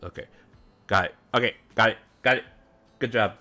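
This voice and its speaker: A man's voice: on the low side, normal speed, pushed and bright, faint music behind. A man live-streaming as he practices a language, chatting casually in a rambling way and chuckling often. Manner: rambling, chuckles often while sounding out words. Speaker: live streamer learning Japanese.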